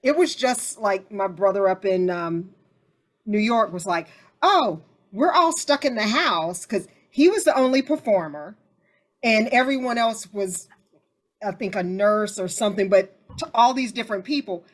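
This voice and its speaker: A woman hosting a casual group discussion, chatty and animated as she tells stories. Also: mid-range voice, moderate pace.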